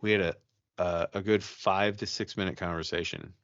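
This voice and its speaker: A man's voice: deep voice, steady tone, moderate pace, fairly bright tone, no echo, lo-fi sound. A man co-hosting a podcast, chatting casually and telling a ghost story, profane and rambling with many restarts. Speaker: podcast co-host.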